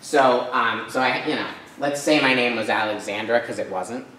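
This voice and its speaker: A man's voice: mid-range voice, moderate pace, over a noisy crowd. Man from Rhode Island, guest speaker, casual chatty talk, distant mic, echoey church hall. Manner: casual, chatty, many fillers and tag questions. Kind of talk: personal talk to an audience.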